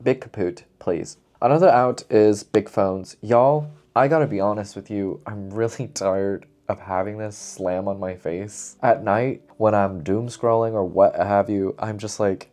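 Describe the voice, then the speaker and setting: A young man vlogging in a casual, chatty way, animated and full of asides. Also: on the low side, a little slow, few pauses. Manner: chatty, animated, says "y'all" a lot, frequent laughs. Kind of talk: casual chat to camera. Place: lives in Seoul.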